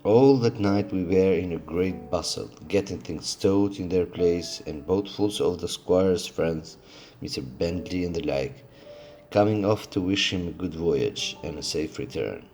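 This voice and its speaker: A man reading a classic adventure novel aloud, steady but with occasional slips and restarts. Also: low voice, a little slow, faint music behind. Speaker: audiobook reader.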